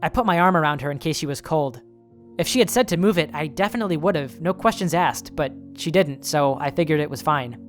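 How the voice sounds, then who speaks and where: A man's voice: a little high, brisk. Man narrating a horror story over faint music. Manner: nervous, self-justifying first-person telling.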